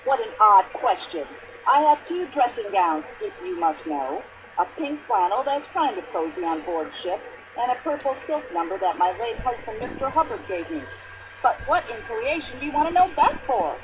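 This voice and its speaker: Shrill, pushy American widow. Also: female voice, very animated, moderate pace, dull audio, noisy background. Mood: indignant. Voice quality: shrill, complaining, long-winded.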